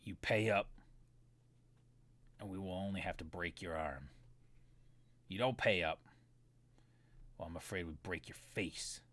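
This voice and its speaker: A man voicing a menacing male Trandoshan thug who makes slow, low threats in a dry recording. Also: a bit bright, dry recording.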